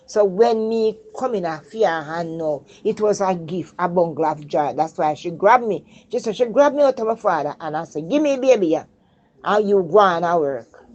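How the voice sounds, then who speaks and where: An older Jamaican woman with a low, deep voice tells her own life story in patois. She is reflective and sinks into a hushed tone over memories of loved ones. The recording sounds dull and muffled. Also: animated, normal speed, few pauses. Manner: Jamaican Patois speech, reflective, voice drops low and soft when remembering the dead. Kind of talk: personal storytelling.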